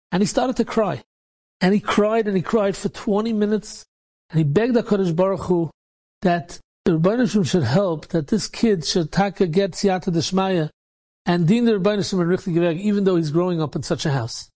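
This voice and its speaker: A man's voice: sits high, moderate pace, darkish tone. A man, a rabbi, telling a story in a casual, repetitive way, peppered with Yiddish and Hebrew words.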